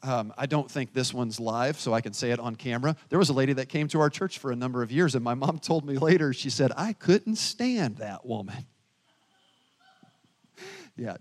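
A male pastor preaching a sermon in a church sanctuary, telling personal stories with animated, self-deprecating humor and chatty asides to the congregation. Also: medium pitch. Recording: long reverb of a church hall.

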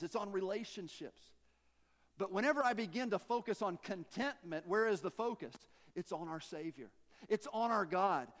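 A man delivering a sermon in a slightly higher voice than most men. He swings from emphatic, raised phrases to quiet, falling endings. His voice rings out with a long hall reverb. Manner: preaching with wide swings between emphatic rises and quiet drops. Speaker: pastor.

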